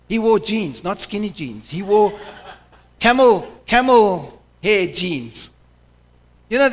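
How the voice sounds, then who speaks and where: Pastor, male, high voice, fervent conversational sermon delivery. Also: fairly bright tone. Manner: passionate, conversational preaching with restarts.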